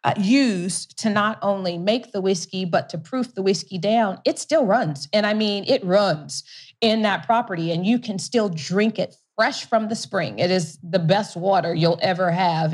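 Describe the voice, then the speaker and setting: A woman's voice: on the low side, a little mellow. A middle-aged woman, a company founder in an interview, telling her story with energy, laughing often and restarting sentences. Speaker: whiskey company founder and investor being interviewed.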